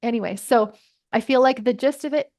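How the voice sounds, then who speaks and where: A woman in her thirties, a parenting coach, telling a personal story in an earnest, reflective way with quick asides. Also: fairly high pitch, darkish tone. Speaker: podcast guest, parenting coach. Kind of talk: conversational storytelling.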